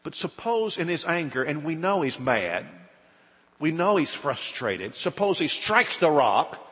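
A man preaching a sermon, retelling scripture and acting out the quoted voices with sudden bursts of loudness. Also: a little high, very animated, unhurried. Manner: dramatic retelling, acts out quoted speech with rising loudness. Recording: long hall reverb.

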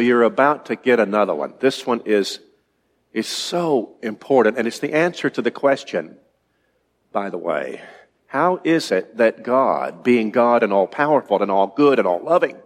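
A man preaching a sermon as pastor, often pausing and repeating words as he thinks aloud. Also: medium pitch. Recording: long reverb of a large hall.

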